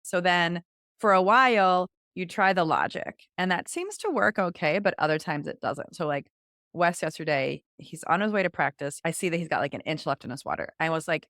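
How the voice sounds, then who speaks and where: A woman's voice: fairly low pitch, lively intonation, a bit bright, no echo, clean studio sound. A woman in her forties co-hosting a podcast, chatting candidly and reflectively about parenting. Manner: candid, reflective, quick asides. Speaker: podcast co-host. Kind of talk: casual chat.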